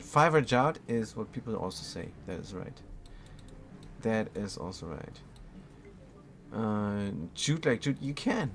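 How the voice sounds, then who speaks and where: A man's voice: lowish voice, slight background noise. A man from Germany casually commenting on his game while answering chat in a laid-back way. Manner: laid-back, reads chat aloud, chuckles often. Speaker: streamer.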